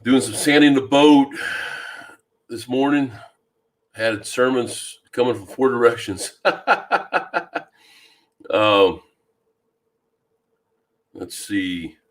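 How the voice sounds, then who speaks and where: A fishing channel host from Louisiana runs a live stream on a new microphone, chatting casually in a deep voice and greeting viewers by name. He talks very slowly, pausing often and using plenty of ums.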